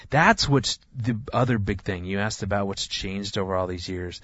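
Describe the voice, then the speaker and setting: Middle-aged man, earnest guest, halting, restarts often, dry and slightly muffled. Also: on the low side, fairly bright tone, no echo. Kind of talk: casual chat.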